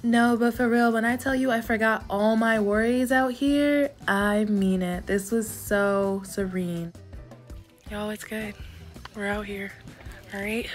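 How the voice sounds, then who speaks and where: A woman's voice: medium pitch, steady tone, measured pace, faint music behind. A woman vlogging on a hiking trail, chatty and enthusiastic, with slangy asides and at times out of breath. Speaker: travel vlogger. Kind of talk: casual vlog narration and on-the-go talk.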